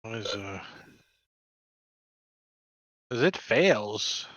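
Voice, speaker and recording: A man's voice: on the low side, lively intonation, extremely slow, a bit bright, no echo, muffled recording. A man running a tabletop game as game master, making matter-of-fact rules calls. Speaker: dungeon master.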